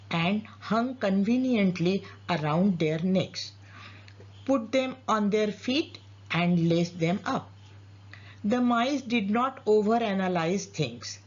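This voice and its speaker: A woman narrating a storybook tale in an expressive reading voice, lifting her pitch on dramatic words. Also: breathy edge, lo-fi sound.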